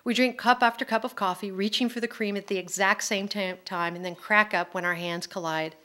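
A middle-aged woman, an author, telling an emotional personal story at a public talk in a candid, quick-flowing way. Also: mid-range voice, steady tone, bright, forceful tone. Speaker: author speaking at a public forum.

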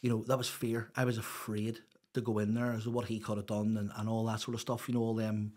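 A man's voice: lowish voice, flat delivery, fast, a little mellow. A middle-aged man with a Northern Irish accent, a podcast guest telling stories in a rambling, blunt, sweary way. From Northern Ireland. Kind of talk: casual storytelling chat.

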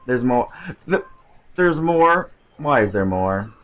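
A man giving casual, excitable gameplay commentary, rambling to himself and often stammering over restarts. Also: medium pitch, slow, dull audio. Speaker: let's play commentator.

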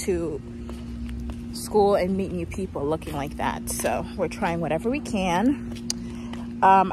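A woman's voice: medium pitch, noisy background. A young woman talking to the camera at home in a casual, rambling vlog, often laughing at her own mishaps. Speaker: vlogger.

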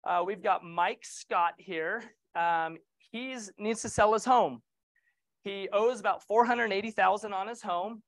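A man's voice: high-pitched, measured pace, no room sound. A middle-aged man leading a real estate training session, casual and joking, asking the group questions.

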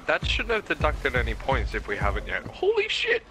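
A man hosting a gaming video, trading loud, sweary banter with friends over voice chat and bursting into laughter. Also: mid-range voice, sing-song, brisk, creaky. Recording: voice chat over game music.

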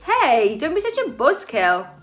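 A woman's voice: sits high, huge pitch swings, measured pace, a bit bright, soft background music, voice pushed up, heavily acted. A woman voicing a tipsy, chirpy middle-aged mother on spring break in a story game. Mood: breezy. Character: tipsy cheerful middle-aged mom on vacation.

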